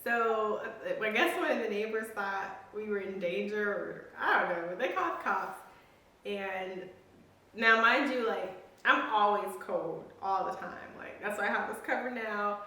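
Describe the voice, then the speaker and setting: A woman with a bright, crisp voice tells a family story with animation, acting out the lines she quotes. She's recorded from a distance in a very echoey room. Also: mid-range voice, normal speed. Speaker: family vlogger. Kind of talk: casual storytelling.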